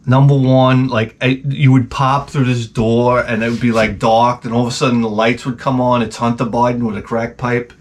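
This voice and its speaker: Hungover man ranting profanely. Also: mid-range voice. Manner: profane, animated storytelling with sound effects. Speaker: video host. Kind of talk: rambling comic rant.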